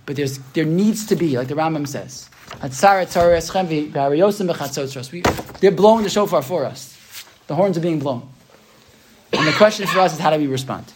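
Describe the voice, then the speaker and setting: A man's voice: on the high side, husky. A man giving an earnest sermon, telling a story and often repeating his phrases and asking "right?".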